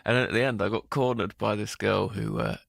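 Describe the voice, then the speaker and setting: A man's voice: on the low side, fairly even intonation, a little fast, gravelly, no echo. A man co-hosting a podcast, chatting casually with dry, self-deprecating humour. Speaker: podcast co-host. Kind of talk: relaxed casual chat.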